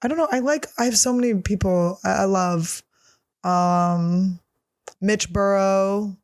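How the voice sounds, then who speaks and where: A woman's voice: medium pitch, a little slow, no echo, studio quality. A woman comedian in her thirties, answering listener questions in a casual solo chat, blunt, crude and self-mocking.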